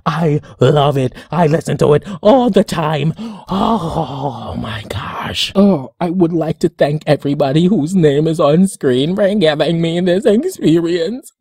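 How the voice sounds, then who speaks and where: A cartoon review host in an excited casual vlog, gushing and dramatic, sassy, calling people honey and swooping high when excited. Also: moderate pace, hardly any pauses, breathy edge, dry recording, clean studio sound.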